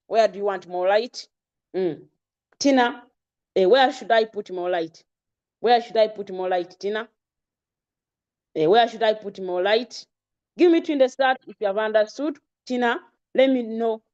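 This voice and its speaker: A woman's voice: fairly high pitch, a little slow, a little mellow, dull audio. A woman with a Ugandan accent teaching a live online lesson on trading settings, repeating key terms again and again and putting questions to her audience. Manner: repetitive, drilling key terms. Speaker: trading instructor.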